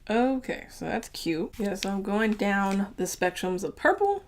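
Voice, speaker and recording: A woman's voice: medium pitch, sing-song, moderate pace, hardly any pauses, a little hiss or hum. A chatty young woman, talking through a makeup tutorial with frequent fillers and laughs. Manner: chatty, upbeat, laughs often, lots of fillers. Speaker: beauty vlogger.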